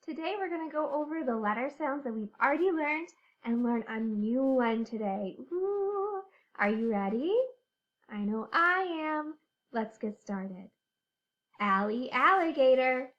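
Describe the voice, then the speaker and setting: A woman teacher leading a phonics lesson for young children, animated and sing-song, reading a storybook aloud. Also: high voice, measured pace, highs cut off.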